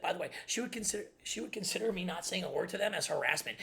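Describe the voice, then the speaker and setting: A man's voice: sits high, animated, rapid-fire, creaky, hardly any pauses, bright, forceful tone, a little hiss or hum. A young man streamer telling a rambling, exasperated story about his childhood while playing a game. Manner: rambling and exasperated, many restarts. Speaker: gaming streamer. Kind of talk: casual storytelling while gaming.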